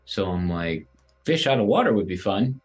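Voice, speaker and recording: A man's voice: fairly low pitch, big pitch swings, moderate pace, breathy edge, soft background music. A man co-hosting a tabletop game show, talking in a laid-back, reflective way over a video call. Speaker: podcast co-host. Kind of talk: casual chat.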